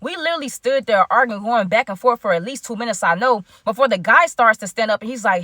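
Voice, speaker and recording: A woman vlogger telling a dramatic personal story, animated and speaking straight to her audience. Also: on the high side, fast talker, hardly any pauses, no echo, clean studio sound. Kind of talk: storytime narration.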